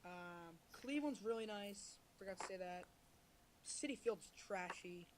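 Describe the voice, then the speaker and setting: A man's voice: sits high, animated, a little slow, noisy background. A man co-hosting a casual podcast, rambling loosely and breaking into heated, swearing rants. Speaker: podcast co-host. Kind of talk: casual chat.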